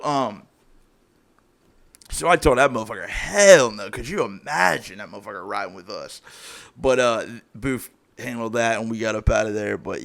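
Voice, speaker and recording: A man's voice: mid-range voice, a bit bright. A man, telling a story in casual, profane podcast chat and acting out the quotes. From Ohio, USA. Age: 30s. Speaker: podcast host.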